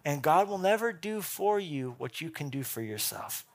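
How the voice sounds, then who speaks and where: Punchy, animated male preacher. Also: a little high. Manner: animated, punchy preaching with quick asides and jokes. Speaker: pastor. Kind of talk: sermon.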